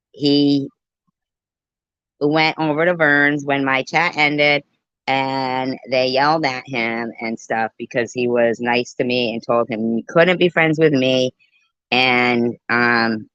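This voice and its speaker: A woman's voice: extremely low pitch, steady tone, takes it slowly, pauses often, fairly bright tone, smooth, no echo. A woman hosting a casual live-stream commentary, joking crudely and swearing freely. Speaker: commentary host. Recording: dull muffled dry sound.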